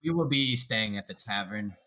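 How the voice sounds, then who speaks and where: A man playing a tabletop game, speaking casually and dropping into a calm in-character voice. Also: on the low side, moderate pace, crowd noise. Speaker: player. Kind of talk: casual tabletop role-play.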